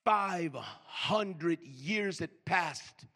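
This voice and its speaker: An older man preaching a sermon, stammering and repeating words, swinging from loud emphasis to hushed slow lines. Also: a little high, animated. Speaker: pastor.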